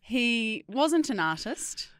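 A woman's voice: on the high side, big pitch swings, slow, a bit bright, no echo, clean studio sound. An Australian woman in her thirties co-hosting a podcast, telling stories with lots of giggles. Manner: giggly storyteller. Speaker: podcast co-host. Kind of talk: casual chat.

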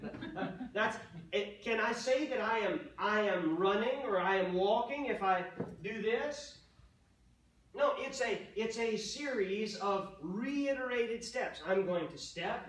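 A man teaching an adult Sunday school class, talking with the group, asking them questions and slowing down to stress key words. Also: sits high, fairly bright tone, distant mic, a little hiss or hum. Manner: conversational, asks the class questions, slow emphatic stresses. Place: church classroom. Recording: roomy sound, speaker off mic.

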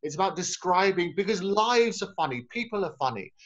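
Man, host, casual interview, high voice, quick to chime in. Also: lively intonation, highs cut off.

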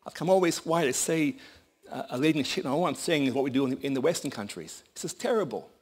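A man's voice: on the high side, animated, fast, darkish tone, voice pushed up. A man voicing a dismayed foreign farmer in a storytelling sermon, sounding exasperated.

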